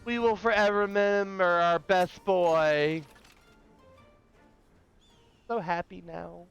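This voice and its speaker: A man's voice: high voice, fairly even intonation, takes it slowly, smooth. A man streaming a game, chatting casually and gushing emotionally to his viewers, calling them darlings. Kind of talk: casual let's-play commentary. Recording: muffled lo-fi with faint game music.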